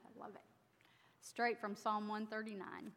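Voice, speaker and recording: A woman pastor giving a sermon, speaking in a measured, reflective storytelling manner. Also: mid-range voice, level tone, a bit bright, in a large hall.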